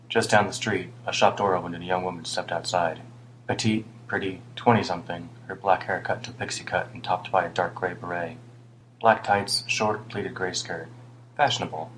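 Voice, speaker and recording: A man narrating an audiobook in a steady, measured way. His voice sits very low and deep. A faint hum runs quietly behind the reading. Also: poor audio. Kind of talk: scripted narration.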